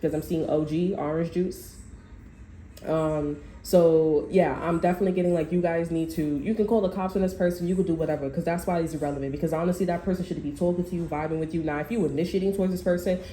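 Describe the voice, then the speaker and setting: A woman's voice: lowish voice, steady tone, fast, mellow. Woman, casual tarot reading, profane and blunt, roomy echo, faint background noise. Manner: blunt and profane, lots of fillers. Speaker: tarot reader.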